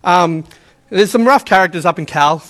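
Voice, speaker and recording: Man, pastor, sermon, very high voice, chatty storyteller. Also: normal speed, a bit bright. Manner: chatty, storytelling, acts out quotes.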